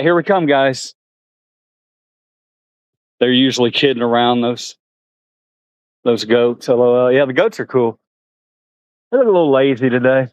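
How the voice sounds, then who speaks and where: A man, chatting casually on a handheld camera vlog outdoors at an animal park, talking to the animals. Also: no room sound. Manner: chatty, talks to animals in a high sing-song. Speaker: vlogger.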